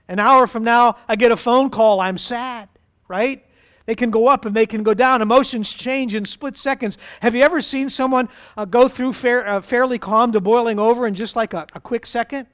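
Middle-aged male pastor, high resonant voice, chatty sermon with asides. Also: a bit bright, smooth. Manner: conversational preaching with asides and acted-out voices.

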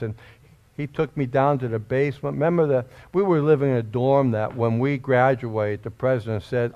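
A man preaching a sermon in a church, giving an emotional testimony that rises suddenly into loud, high bursts. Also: moderate pace. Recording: dull lo-fi recording.

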